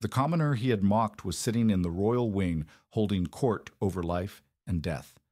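A man narrating a scripted story in an even, measured way. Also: on the low side.

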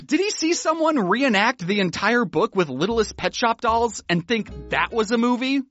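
A man giving a wry, sarcastic, animated comedic book recap as a YouTuber. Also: extremely high pitch, moderate pace, lo-fi sound, over music.

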